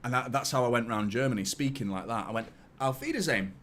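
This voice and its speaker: A man's voice: medium pitch, fast. A man hosting a live football watchalong, reacting to the match, swearing and joking with his chat. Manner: excitable, swears, jokes with chat. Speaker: watchalong host.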